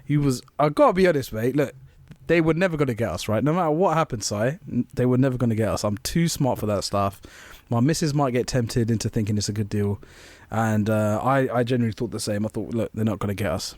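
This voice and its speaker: A young man, mid-pitched and plainly voiced, recounts a story to his podcast co-host in loose, lively chat. He swears freely and laughs through his own punchlines. His voice sits close to the mic in a dry, dead room. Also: quick pace, few pauses, no echo. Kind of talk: casual chat.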